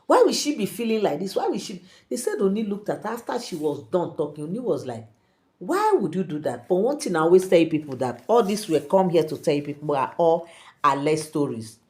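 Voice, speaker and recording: Animated Nigerian woman telling gossip. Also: lowish voice, brisk. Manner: animated, addresses viewers directly. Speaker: channel host. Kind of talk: gossip storytelling.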